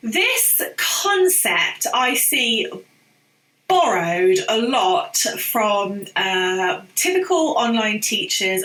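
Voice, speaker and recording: A woman's voice: medium pitch, pushed and bright. A woman, an online teacher and business coach, talking casually to camera in a chatty, opinionated way. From England. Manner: chatty and opinionated, with asides and laughs. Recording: roomy echo.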